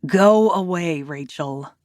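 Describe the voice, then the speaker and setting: A woman's voice: fairly low pitch, takes it slowly, a little mellow, dry recording, clean studio sound. A woman narrator voicing a tall, furious, brooding man who speaks in clipped, terse lines for an audiobook. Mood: curt. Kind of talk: audiobook character voice.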